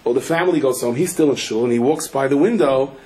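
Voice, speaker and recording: A man's voice: mid-range voice, fast talker. A male rabbi with a Yeshivish accent giving a Torah lecture, telling a story and acting out the voices in it. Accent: Yeshivish English with Yiddish and Hebrew words. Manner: animated storyteller, acts out quotes in raised voices.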